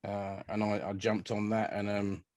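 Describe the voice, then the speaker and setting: A man's voice: lowish voice, completely flat delivery, moderate pace, a little mellow, dry recording, studio quality. Chatty man hosting an interview. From London, England. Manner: chatty, self-deprecating, playful banter. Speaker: radio show host. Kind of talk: casual video-call interview.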